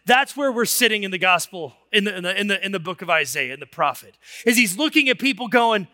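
A man's voice: high-pitched, expressive, fast talker, hardly any pauses, pushed and bright, big-room sound. A man serving as pastor and delivering a sermon in a church sanctuary, in a conversational, digressive manner that swells into emphatic bursts.

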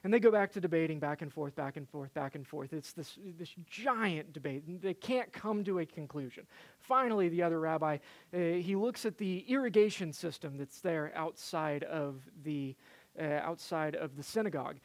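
Preacher, sermon storytelling, hesitant delivery with fillers, mid-pitched voice. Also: moderate pace. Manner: hesitant, lots of "uh" fillers and restarts.

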